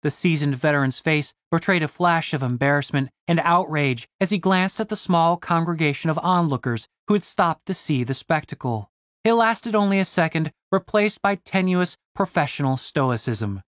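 Male audiobook narrator, wry, expressive, lively pitch, dry close sound. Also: moderate pace, no room sound.

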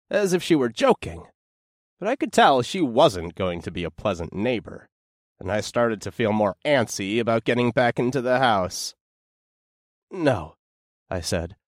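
Young man narrating horror, lively delivery. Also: mid-range voice, measured pace, no echo, clean studio sound. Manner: expressive storytelling with tense outbursts. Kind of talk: first-person horror audiobook narration.

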